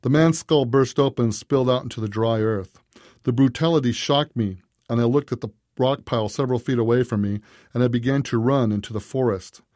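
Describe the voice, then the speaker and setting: A man reading a story aloud as narrator, in a measured, even way. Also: medium pitch, no echo, clean studio sound. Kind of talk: scripted narration.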